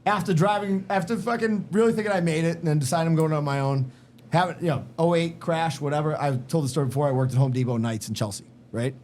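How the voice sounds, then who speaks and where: Fast-talking Boston man spinning yarns. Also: a little high, fairly even intonation, a little mellow, slight background noise. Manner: profane, emphatic, street-smart. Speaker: podcast guest. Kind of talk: casual storytelling chat. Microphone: podcast microphone in a garage.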